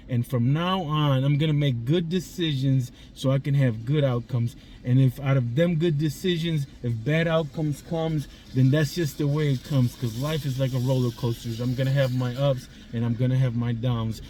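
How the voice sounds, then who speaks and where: There's slight background noise behind this man's mellow, mid-range voice. In his forties, he hosts a confessional vlog from inside a parked car, getting raw and emotional, swearing often and tearing up until he chokes.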